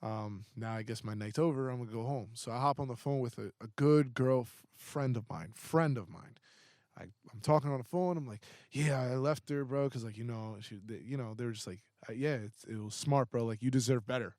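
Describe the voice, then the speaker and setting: A man's voice: medium pitch, fairly quick, no room sound. Young man, podcast guest, casual swearing storyteller, dry close sound. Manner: animated, profane, filler-heavy retelling.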